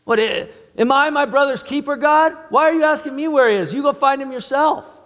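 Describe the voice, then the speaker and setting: Male performer as evasive young Cain, indignant, very high and shrill, reverberant sound. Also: brisk, a bit bright. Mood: defiant. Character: defiant young man Cain, whiny and evasive.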